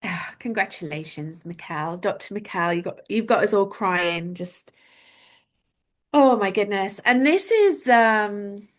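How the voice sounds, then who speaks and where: A woman's voice: medium pitch, unhurried. A woman co-hosting an online awards ceremony, praising nominees with frequent fillers over a video call. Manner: warm praise with many fillers.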